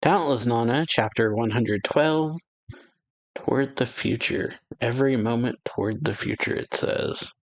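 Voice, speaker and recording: A man casually reading a manga chapter aloud and retelling its dialogue, with lots of "yeah" and "uh" and quick exclamations. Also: mid-range voice. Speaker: anime reaction channel host. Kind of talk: casual manga read-along with reactions.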